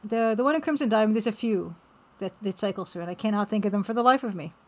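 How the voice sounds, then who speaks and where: A woman's voice: mid-range voice, fast talker, muffled recording. Chatty woman on a live stream. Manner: chatty, reads viewer messages aloud, excitable exclamations. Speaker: game developer streaming while drawing. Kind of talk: casual live-stream chat.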